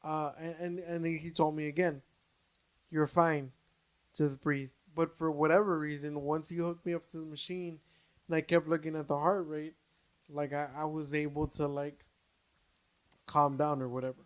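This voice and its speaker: A man's voice: on the high side, normal speed. A young adult man co-hosting a podcast, telling a story in casual chat, swearing freely and stumbling over his words. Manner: animated, swears freely, many restarts and fillers. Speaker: podcast co-host.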